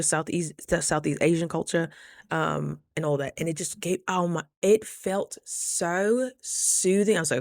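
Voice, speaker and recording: A woman in her thirties telling a story in a chatty, animated way, acting out her own quotes in a higher voice. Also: no echo, clean studio sound. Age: 30s. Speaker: vlogger. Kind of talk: casual storytelling. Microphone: studio mic.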